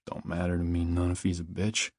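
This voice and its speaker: A man voicing a stern, blunt young man who answers in short, flat, quiet words. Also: deep voice, fairly quick, no echo, studio quality. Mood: cold, dismissive.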